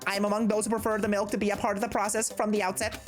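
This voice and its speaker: A woman's voice: medium pitch, level tone, racing, voice pushed up, lightly acted. A woman voicing a haughty gothic young woman with a put-on posh European-sounding accent, speaking primly and lecturing. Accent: put-on vaguely European posh accent. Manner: prim, lecturing, imperious. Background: game music.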